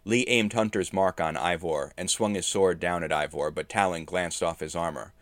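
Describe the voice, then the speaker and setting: A man narrating a tabletop game session as a story in steady, understated prose. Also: sits low, moderate pace, dry recording.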